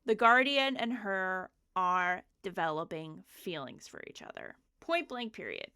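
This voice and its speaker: A woman's voice: mid-range voice, expressive, unhurried, bright, forceful tone, smooth, no room sound, clean studio sound. A woman co-hosting a casual book podcast, talking in an emphatic, punchy way and swearing for effect. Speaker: podcast co-host. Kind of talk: casual book recap chat.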